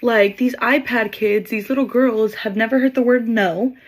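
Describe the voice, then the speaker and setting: A woman's voice: a little high, fairly even intonation, moderate pace. A young woman casually telling a story from her retail job, acting out what each person said. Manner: chatty, acts out customers' lines in quotes. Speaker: Sephora employee telling a story.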